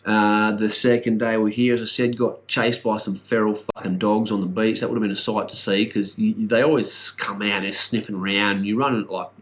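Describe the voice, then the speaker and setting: A man's voice: fairly low pitch, little pitch movement, moderate pace, hardly any pauses. A middle-aged man with an Australian accent giving a casual, rambling vlog update, blunt and full of swearing and fillers. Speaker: vlogger.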